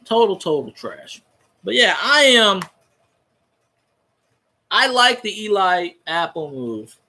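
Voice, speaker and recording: A man's voice: high-pitched, sing-song, slow pace, bright, forceful tone. A man giving a profane, rambling football fan rant in casual chat.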